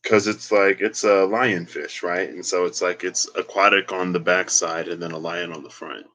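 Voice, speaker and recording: A man's voice: sits low, level tone, moderate pace, sharp tone, poor audio. A man giving a casual solo tarot reading and rambling as he thinks aloud. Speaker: tarot reader.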